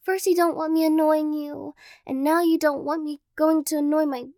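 A woman's voice: high voice, level tone, moderate pace, warm tone, no echo, studio quality. A woman playing a teasing, clingy girlfriend. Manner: teasing, playfully dramatic. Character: playful clingy young girlfriend, teasing and affectionate. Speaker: role-play performer. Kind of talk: girlfriend role-play audio.

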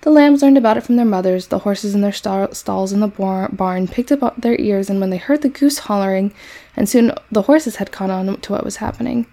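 A woman reading a children's novel aloud in an expressive storybook manner. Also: medium pitch, a little fast.

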